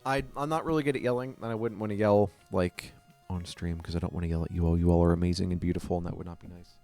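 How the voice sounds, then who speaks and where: A man's voice: low voice, fairly even intonation, fast talker, mellow. A man streaming while he makes music, chatting casually and thinking aloud, with a slight lisp from a sore tongue. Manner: rambling, thinks aloud, trails off mid-sentence. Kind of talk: casual live-stream chat.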